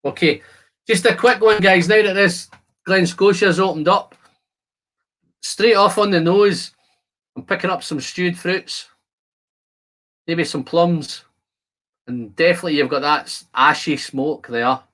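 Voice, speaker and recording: A man's voice: sits high, a little slow, long pauses, a bit bright. A man hosting a casual whisky live stream, chatting to viewers, answering their comments and describing the whisky he tastes. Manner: describes whisky aromas while tasting. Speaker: whisky channel host.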